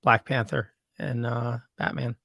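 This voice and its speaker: A man's voice: mid-range voice, little pitch movement, measured pace, gravelly, a bit bright, no echo, clean studio sound. A man co-hosting a casual podcast chat, hesitant and backtracking as he talks. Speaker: podcast co-host.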